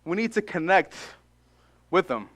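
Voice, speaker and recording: Male pastor, high voice, lively sermon delivery, acts out voices and repeats for emphasis. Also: measured pace. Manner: animated preaching, acts out dialogue, repeats phrases for emphasis. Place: church.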